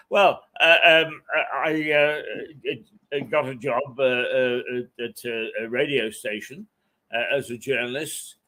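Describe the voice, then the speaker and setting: An older man reminiscing as an interview guest, halting often and chuckling between his memories. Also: medium pitch, fairly even intonation, sharp tone. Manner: halting, with frequent hesitations and chuckles. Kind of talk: reminiscing anecdote in conversation.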